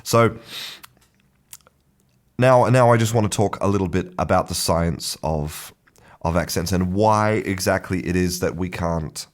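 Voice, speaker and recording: A man hosting an English-learning podcast, explaining a topic in a relaxed, rambling way, restarting sentences and repeating words. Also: sits low, a little slow, long pauses. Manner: chuckles to himself. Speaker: English teacher and podcast host. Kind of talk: casual spoken lesson.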